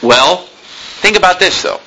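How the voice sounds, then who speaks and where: A man's voice: sits high, expressive, normal speed, pushed and bright, slight background noise, low-quality recording. A man preaching a sermon as pastor, building to emphatic rising peaks and voicing his listeners' objections.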